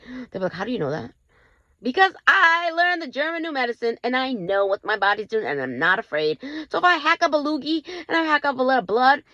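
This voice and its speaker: A woman's voice: a little high, a bit bright, no echo, muffled recording. A woman host giving a casual health talk to her viewers, emphatic and full of rhetorical questions. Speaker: channel host.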